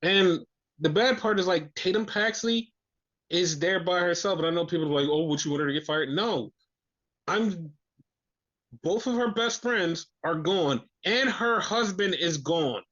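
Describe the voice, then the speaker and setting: A man's voice: high voice, expressive, unhurried, a bit bright. A man hosting a podcast, ranting in casual chat with frequent profanity and exasperation. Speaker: podcast host. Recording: dull lo-fi audio.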